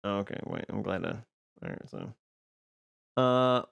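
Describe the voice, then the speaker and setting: A man streaming live, chatting casually and excitably with his viewers while playing a game. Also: on the low side, slow, creaky, clear, resonant tone. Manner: excitable, chatty, reads and answers chat.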